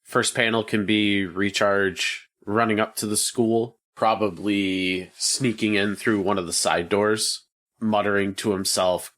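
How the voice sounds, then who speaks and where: A man playing a tabletop role-playing game, giving quick, loose descriptions of scenes. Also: fairly low pitch, steady tone, fairly bright tone. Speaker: player.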